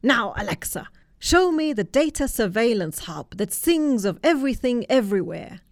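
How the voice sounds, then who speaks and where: A slow booming greedy giant, as a woman puts him on. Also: sing-song, no echo, clean studio sound. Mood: demanding. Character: greedy roaring male data giant. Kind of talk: storybook reading.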